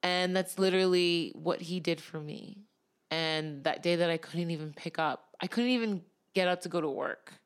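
A woman guest on a podcast, telling a personal story in a tearful, halting way and laughing through the emotion. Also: lowish voice, clean tone.

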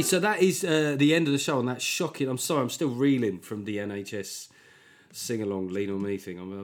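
Sarcastic podcast host, lively. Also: male voice, mid-range voice. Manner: rambling, sarcastic, self-deprecating. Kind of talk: solo podcast monologue.

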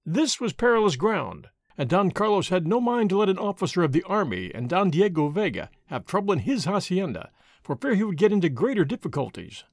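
Expressive male storybook narrator. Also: sits high, fairly quick, no echo, studio quality. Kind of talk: audiobook narration.

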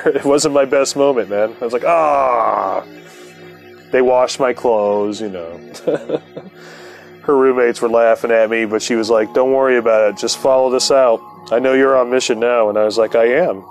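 A man, the host, telling a long personal story in a casual, profane way, laughing often and acting out what others said. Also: mid-range voice. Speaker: podcast host.

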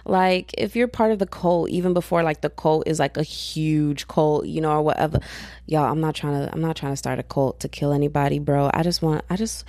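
A young woman from Texas hosting her own podcast in casual, rambling, slangy chat that keeps jumping up in pitch when she gets excited. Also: a little fast, no room sound, clean studio sound. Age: young adult. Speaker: podcast host.

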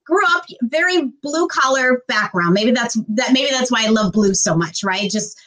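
A woman's voice: on the high side, moderate pace, rough recording. A woman from Indiana telling her life story as an interview guest, reflective and storytelling. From Gary, Indiana, USA. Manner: warm storytelling, animated when quoting. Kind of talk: conversational interview.

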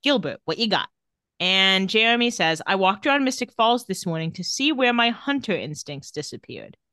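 A woman podcast co-host casually recaps an episode, reading out dialogue and adding wry asides. Her mid-range voice is sing-song, bright and forceful at a moderate pace. The clean studio recording has no room sound.

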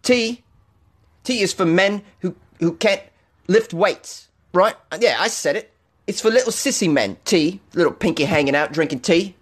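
A man's voice: sits high, normal speed, pitched above the performer's own voice. A man putting on an exaggerated posh British voice to mock tea drinkers. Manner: exaggerated, mocking put-on accent.

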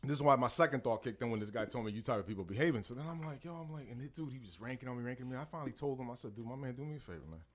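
A man in his thirties, co-hosting a podcast, telling a story in a casual, animated way and acting out the voices of the people he quotes. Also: medium pitch, rapid-fire, few pauses. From born in Texas, Puerto Rican family. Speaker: podcast co-host.

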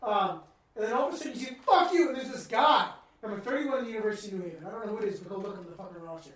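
Casting note: male podcast co-host, animated and profane storyteller, heard from off mic in a very echoey room. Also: high voice, racing, distant mic. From Massachusetts. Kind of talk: casual chat. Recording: roomy sound from off mic.

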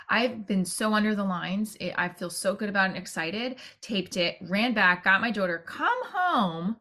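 A woman's voice: mid-range voice, lively intonation, moderate pace, hardly any pauses, sharp tone. Chatty woman rambling on a podcast. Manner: chatty and rambling, with many restarts and asides. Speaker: podcast host and actor-comedian. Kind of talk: casual podcast monologue.

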